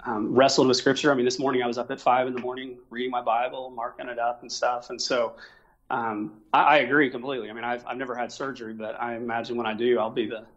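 A middle-aged man from Oklahoma speaks at an ordinary pitch, stumbling through restarts and fillers as he talks things over. His voice comes through a dull, muffled lo-fi line. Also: level tone. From Oklahoma, USA. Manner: halting, many restarts and fillers. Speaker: Christian missionary. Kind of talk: casual conversation. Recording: dull lo-fi sound.

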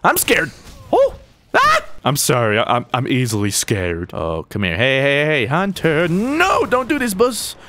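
A man giving jokey, excitable gameplay commentary, full of mild exclamations. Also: a little high, unhurried. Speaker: gaming YouTuber.

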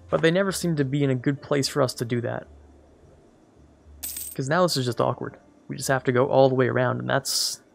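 A man's voice: medium pitch, creaky, a little hiss or hum. A man giving casual, rambling commentary on a strategy game as a let's play host, correcting himself and joking as he goes. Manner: rambling, self-correcting, jokey asides.

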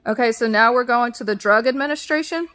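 A woman's voice: on the high side, fairly quick, sharp tone. A woman on a phone call who is polite, plays confused and keeps asking questions back. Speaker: call recipient.

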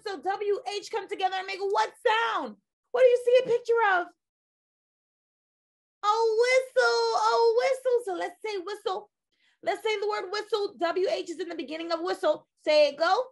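A woman teacher leading a phonics lesson for young children, drilling sounds in a slow, sing-song way while losing her voice. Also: very high-pitched, vocal fry. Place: classroom video lesson.

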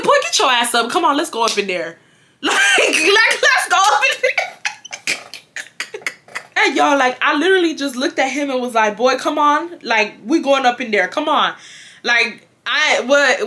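A woman, telling a storytime to her viewers in an animated, laugh-filled way, swearing freely. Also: high voice. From Houston, Texas. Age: 20s. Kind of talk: casual storytime.

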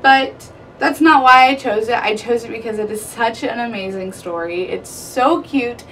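Young woman, book reviewer, excitable and chatty, slightly distant mic with faint hum. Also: fairly high pitch, moderate pace. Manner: bubbly, gushing, peppered with "like". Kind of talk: casual book review vlog. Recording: somewhat distant mic with faint room ambience.

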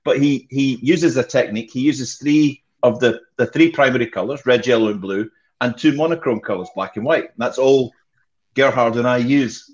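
A man's voice: mid-range voice, moderate pace. A man with a Scottish accent chatting casually on a web show panel, joking at his own expense and laughing often over a video call mic. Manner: jokey, self-mocking, laughs often. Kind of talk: casual chat. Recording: dull lo-fi video call audio.

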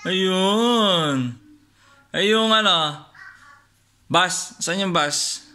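A man's voice: sits high, drawn-out words, bright, forceful tone, soft background music. A man with a Filipino accent patiently quizzing his young child with picture cards, asking questions and praising each right answer. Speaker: father teaching his child. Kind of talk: coaxing flashcard quiz with a toddler.

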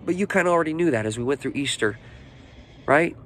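A pastor in his forties preaching a sermon, earnest and personal, swinging between lifted, emphatic phrases and hushed, emotional ones. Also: on the high side, lively intonation, fast, slight background noise. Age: 40s.

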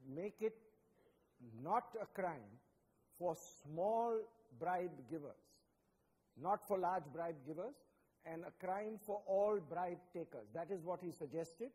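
Business guy explaining calmly, husky soft tone, echoey hall. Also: high voice. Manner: measured, explanatory. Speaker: business leader on panel. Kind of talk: panel debate remarks. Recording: long hall reverb.

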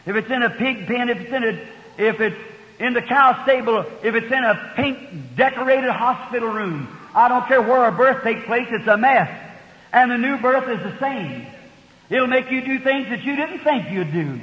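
A man in his fifties with a strikingly high voice preaches a sermon at a pulpit microphone. He tells homespun stories and then surges into loud, fervent cries. The old recording sounds dull, with a long reverberation from a large hall. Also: lively intonation, normal speed. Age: 50s. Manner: fervent, folksy storytelling with sudden loud outbursts.

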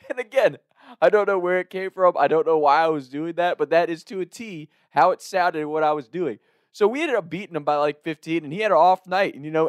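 A man from Northern Kentucky tells a story in a relaxed, chatty way, breaking into laughter again and again. His voice sits a little high for a man and sounds close and dry. He swears casually as he talks. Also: dry recording. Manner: laughs often, loose and profane.

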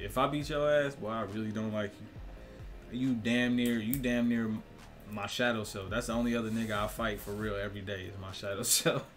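A young man talks in a loose, profane monologue, slangy and quick to laugh. His voice sits on the low side, and soft music plays faintly behind him. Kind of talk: casual rambling monologue.

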